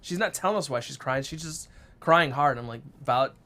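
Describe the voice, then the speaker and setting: A man co-hosting a casual live show, telling a family story in a brisk, animated way. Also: fairly high pitch. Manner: storytelling, acts out quotes, brisk. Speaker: co-host. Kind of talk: casual live-stream chat.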